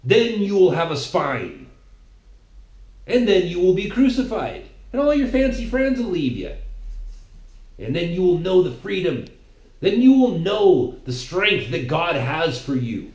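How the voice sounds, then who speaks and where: A man's voice: sits high, sing-song, unhurried, a little mellow. A man hosting his own show, preaching a mocking, opinionated solo monologue. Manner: preachy, mocking, with impressions of others. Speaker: podcast host. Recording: echoey room.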